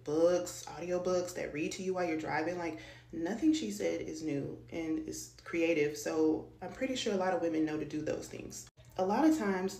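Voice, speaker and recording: A woman vlogger giving sassy, animated reaction commentary. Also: fairly low pitch, roomy sound. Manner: animated, sassy, mimics voices.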